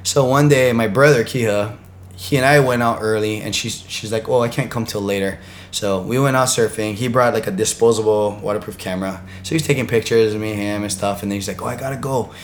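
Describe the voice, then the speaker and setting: Man telling a lively story. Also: lowish voice, fairly quick, slight background noise. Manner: animated, laughs through the funny parts. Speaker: podcast guest. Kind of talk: casual storytelling.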